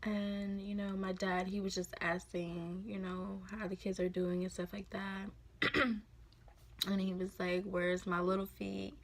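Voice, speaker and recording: A woman in her twenties tells a personal story in a casual vlog, speaking softly and haltingly with many fillers. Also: mid-range voice, little pitch movement. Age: 20s. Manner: soft, halting, full of fillers. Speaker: vlogger.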